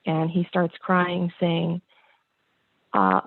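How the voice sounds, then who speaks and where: A woman's voice: mid-range voice, moderate pace, creaky, no echo. A woman calling in as a mother, talking hesitantly with fillers and laughing often. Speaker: caller, mother. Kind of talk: call-in conversation. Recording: tinny phone-like line.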